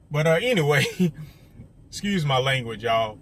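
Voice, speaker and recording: Fairly high-pitched and fairly bright, this young man's voice has lively intonation and a moderate pace, with a little hiss or hum present. He chats through a story for his viewers, addressing them directly and using plenty of fillers.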